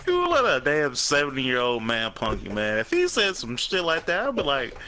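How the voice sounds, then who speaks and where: Profane, laughing man with a bright voice. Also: on the high side, huge pitch swings, a little slow, a little hiss or hum. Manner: profane, laughing, mocking banter. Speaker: podcast co-host. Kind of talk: casual chat.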